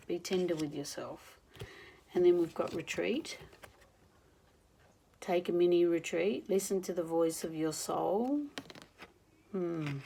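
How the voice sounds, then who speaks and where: A woman doing an oracle card reading in a gentle, reflective, encouraging manner. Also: on the low side, vocal fry, rough recording. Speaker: spiritual card reader.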